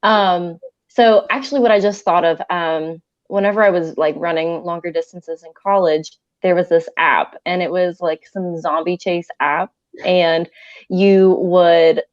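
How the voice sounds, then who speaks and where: A woman's voice: on the low side, fairly even intonation, unhurried, dry recording. Chatty young woman coach, dry lo-fi. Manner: chatty, filler-heavy. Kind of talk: casual chat. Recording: dry, dull lo-fi audio.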